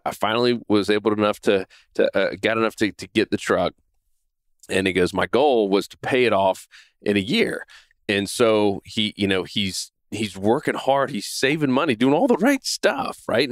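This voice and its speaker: A middle-aged man hosting a podcast, telling a true story in a casual, earnest way with many restarts and quick "right?" asides. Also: lowish voice, no room sound, studio quality. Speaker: podcast host. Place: home in Florida.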